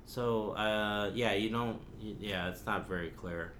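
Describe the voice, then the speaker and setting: A man co-hosting a casual movie podcast, chatty and halting, with many restarts. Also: on the low side, fairly bright tone, slight background noise. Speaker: podcast co-host.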